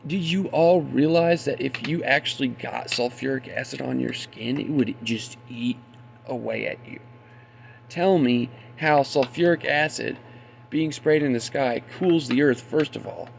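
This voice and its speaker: A man rants in a loose, rambling monologue, swearing freely and getting worked up. His voice has a gravelly edge at a middle pitch. A faint hiss sits under the recording. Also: normal speed. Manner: profane, indignant, loses his train of thought. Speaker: conspiracy commentator.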